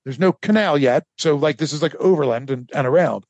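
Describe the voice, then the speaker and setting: A man co-hosting a history podcast, telling the story in a casual, animated way with lots of fillers. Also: a little high, fairly quick, no room sound, highs cut off. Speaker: podcast co-host.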